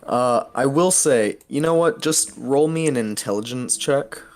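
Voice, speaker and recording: A man narrating as game master in a tabletop game, relaxed and giggly with lots of fillers. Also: medium pitch, unhurried.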